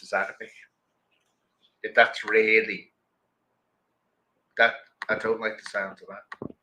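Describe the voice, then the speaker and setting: Chatty bright-voiced man. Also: lowish voice, slight background noise, low-quality recording. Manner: chatty, rambling, greets viewers warmly. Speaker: livestream host. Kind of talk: casual chat with viewers.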